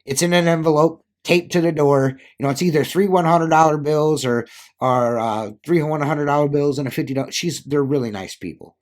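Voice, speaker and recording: A man's voice: a little high, a little fast, a little mellow. Rambling man telling a work story. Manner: rambling, filler-heavy, acts out quoted dialogue. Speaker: window cleaner. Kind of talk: casual storytelling chat.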